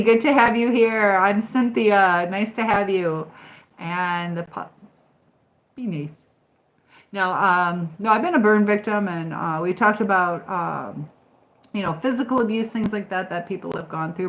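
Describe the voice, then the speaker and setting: A woman's voice: mid-range voice, fairly bright tone, rough recording. Older woman chatting on a livestream. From Michigan. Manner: chatty, reads viewer comments aloud, frequent ums. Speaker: livestream host. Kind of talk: casual live chat reading comments.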